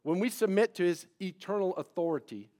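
A man's voice: high voice, fairly quick, dark tone. A man pastor preaching a sermon, shifting between conversational storytelling and emphatic preaching.

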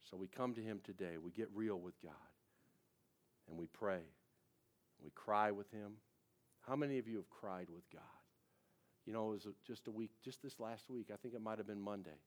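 A man's voice: fairly low pitch, moderate pace, long pauses. A man in his forties, a pastor, preaching a sermon in a casual, conversational way, with frequent asides to the congregation.

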